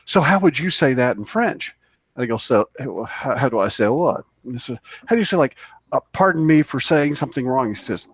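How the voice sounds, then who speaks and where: A man co-hosting a radio show, telling a long story in a casual, rambling way, full of fillers and restarts. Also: mid-range voice. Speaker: co-host. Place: radio studio.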